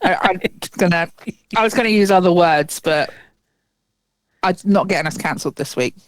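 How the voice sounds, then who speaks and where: A woman's voice: on the low side, normal speed, no room sound. Chatty woman co-hosting a podcast. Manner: chatty, animated, swears freely and laughs often. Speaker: podcast co-host. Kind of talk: casual chat.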